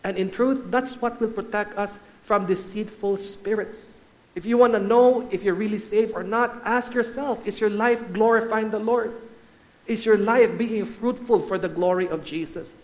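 A man's voice: high-pitched, normal speed, a little mellow. A man preaching a sermon, emphatic and repetitive, calling out to his listeners as church and guys. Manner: emphatic, repeats key phrases, addresses listeners as guys and church.

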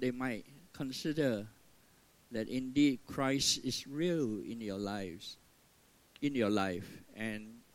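An older man, a pastor, preaching an earnest sermon, stressing key words and then dropping to a soft, quiet tone. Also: medium pitch, rough recording.

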